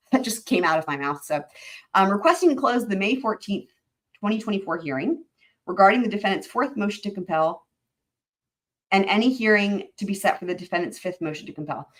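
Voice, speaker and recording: Woman livestream host, chatty explainer, reads filings aloud, mid-pitched, asides to chat. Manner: chatty, with many fillers and asides to viewers. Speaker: host of a legal commentary livestream. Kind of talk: casual livestream commentary reading court filings.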